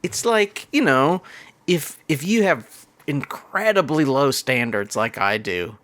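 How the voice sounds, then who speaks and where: Jokey guy cohosting a comedy podcast, giggles a lot, lively bouncy voice. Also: medium pitch. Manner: joking, giggly, quick asides. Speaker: podcast co-host. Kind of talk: casual comedy podcast chat.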